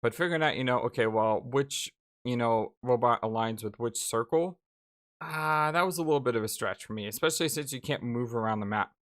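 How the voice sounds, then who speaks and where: A man's voice: mid-range voice, brisk, a bit bright. A man hosting a let's play, giving casual, rambling gameplay commentary with many fillers.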